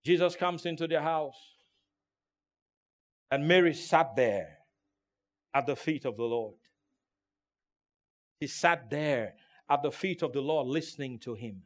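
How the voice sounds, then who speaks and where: A man preaching a sermon as pastor. He is emphatic, calls out for responses from the congregation, and swings from hushed to loud delivery. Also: a little high, a little slow, long pauses. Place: church in Turkey.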